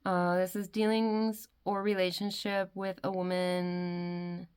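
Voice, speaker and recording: A woman's voice: fairly low pitch, level tone, slow pace, darkish tone, clear, resonant tone. A woman giving an emotional pick-a-card tarot reading, gushing and rambling with many fillers. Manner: gushing, emotional, uses lots of "like" and "you know". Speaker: tarot reader.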